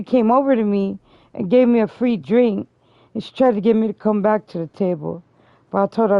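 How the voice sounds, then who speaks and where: On dull lo-fi stream audio without echo, a woman host with a creaky voice talks fairly quickly through a long, casual story. She curses freely and raises her voice loud and high to quote people.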